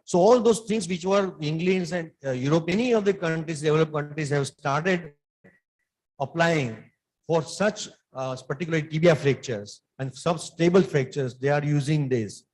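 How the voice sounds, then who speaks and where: A man's voice: fairly high pitch, moderate pace, a little mellow, low-quality recording. A middle-aged man, a surgeon answering conference questions in an emphatic, lecturing way.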